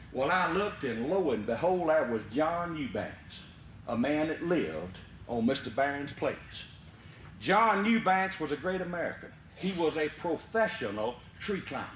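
A man telling a folksy tall tale in an animated, chuckling way. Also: on the high side, a little slow. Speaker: storyteller. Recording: roomy echo, faint background noise.

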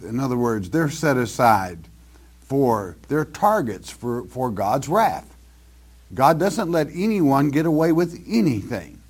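A man's voice: mid-range voice, expressive, slow, slightly rough. A man preaching verse by verse, explaining scripture with emphatic, folksy asides. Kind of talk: verse-by-verse Bible teaching.

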